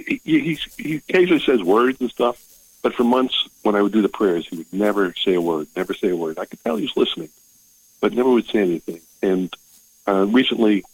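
Older guy caller, very deep husky voice, earnest and choked up, dry close sound. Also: no room sound, low-quality recording. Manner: earnest, emotional, halting restarts. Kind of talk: call-in testimony.

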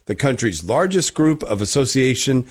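Husky man with lively pitch. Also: moderate pace. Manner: joking, wry asides; reads segments with stumbles. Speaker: radio co-host. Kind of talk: casual morning radio chat.

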